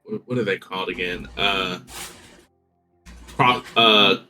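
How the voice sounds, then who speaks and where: A man's voice: sits low, slow, pushed and bright, faint music behind. A man co-hosting a podcast in casual chat, often hesitant and trailing off mid-thought. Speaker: podcast co-host.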